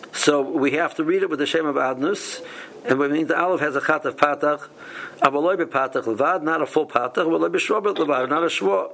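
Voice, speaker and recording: Halting man teaching a Torah class. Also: on the high side, creaky, fairly bright tone, low-quality recording. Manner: halting, many restarts and repeated words. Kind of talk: halachic lesson.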